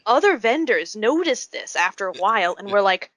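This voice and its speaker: A woman's voice: mid-range voice, big pitch swings, moderate pace, fairly bright tone, no echo. A young woman, a convention artist, chatting as a podcast guest and acting out quoted people as she tells a story. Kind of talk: casual podcast interview.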